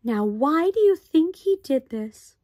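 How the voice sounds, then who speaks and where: A woman's voice: high-pitched, big pitch swings, unhurried, pitched above the performer's own voice. A woman voicing an anxious, strict tiny borrower mother who talks sharply and fussily in a storybook reading. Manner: sharp, scolding, fussy.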